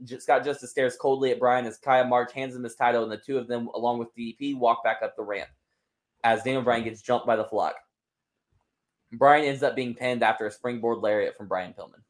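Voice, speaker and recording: A man hosting a wrestling booking game, narrating matches and chatting in a relaxed way. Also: medium pitch. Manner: relaxed, reads aloud with fillers and laughs. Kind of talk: casual narration and chat.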